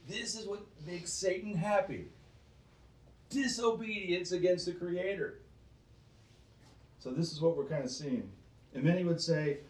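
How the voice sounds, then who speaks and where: Preaching to a small group, a high-pitched man speaks unhurriedly with frequent pauses. He's emphatic, likes rhetorical questions and tends to repeat himself, and the distant mic captures a roomy sound.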